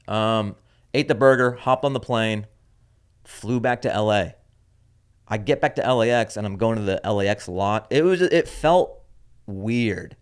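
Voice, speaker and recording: A man's voice: fairly low pitch, brisk. A man hosting his own comedy podcast, telling a story in a wry, offhand, rambling way. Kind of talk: casual rambling monologue.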